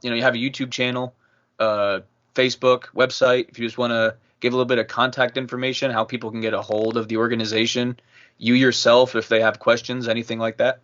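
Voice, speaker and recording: A man hosts an interview, hesitant and filling pauses with "uh" and quick agreement. His pitch sits in the middle range. The audio is a little muffled, like a video call. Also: little pitch movement, fairly bright tone. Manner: hesitant, many fillers, frequent affirmations. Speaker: interview host. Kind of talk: conversational interview.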